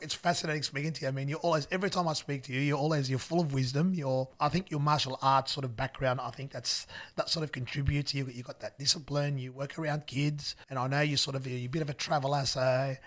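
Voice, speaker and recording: A man hosting a casual interview, talking quickly and excitably. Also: medium pitch. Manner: fast, excitable, laughing often. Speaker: podcast host.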